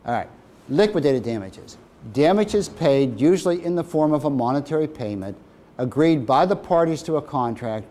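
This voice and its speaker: A man's voice: medium pitch, warm tone. A man teaching a procurement course, reading out definitions and asking the class questions. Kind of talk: classroom lecture.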